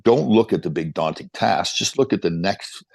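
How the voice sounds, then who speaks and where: A man in his sixties, a podcast guest and motivational speaker, telling stories in an energetic, motivational way. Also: low-pitched, moderate pace, creaky, slightly rough, no echo. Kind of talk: casual chat, storytelling.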